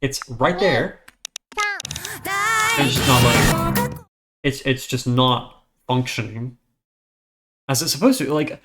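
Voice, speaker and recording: A man's voice: medium pitch, slow pace, long pauses, a bit bright. A man casting a rhythm game tournament live, chatty and frank, getting flustered over stream trouble. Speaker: tournament caster. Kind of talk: casual live game commentary. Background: game music.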